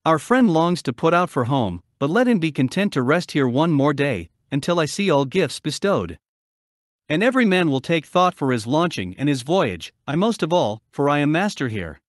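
A generous, lordly king issues orders and questions his guest, as a male reader puts him on. He speaks with courtly command in a lively, slightly raised voice. The sound is close and dry. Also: on the high side, normal speed, no room sound.

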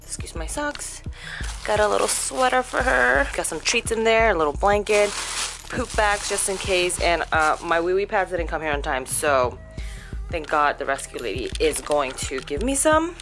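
A young woman vlogging in a casual, giddy way, swinging from hushed asides to excited squeals. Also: on the low side, moderate pace, over music.

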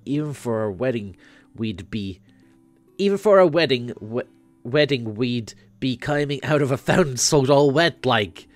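A man voicing a laid-back, rambling floating teenage boy who acts as a self-aware game guide, a bit higher and louder than his own voice. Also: lively intonation, a little slow, faint music behind, natural voice.

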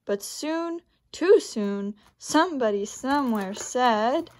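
Female librarian, children's story time and craft demo; gentle, slow, somewhat high. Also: expressive. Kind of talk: picture book read-aloud and craft demo.

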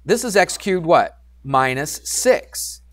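A man teaching algebra to a class, animated and teasing, coaxing students with questions. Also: on the high side, slow pace. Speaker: high school math teacher. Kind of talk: classroom lecture.

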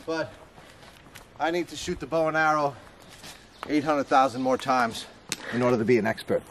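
A man's voice: mid-range voice, steady tone, moderate pace, long pauses, noisy background. A young man with a Boston accent, vlogging casually outdoors at a campground and archery range, chatty and joking with his viewers. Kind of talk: casual vlog to camera.

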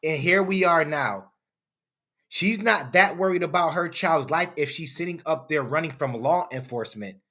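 A man's voice: on the high side, normal speed, pushed and bright. A man hosting a commentary channel, lecturing his audience in a preachy, repetitive way. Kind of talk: opinion commentary over footage.

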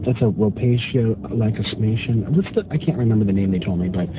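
A man with a fairly low voice and lively intonation talks fairly quickly in a campy, mock-snooty manner, filming a casual vlog on his phone camera. He's parked in a drive-thru line, and the narrow, tinny recording has a noisy background.

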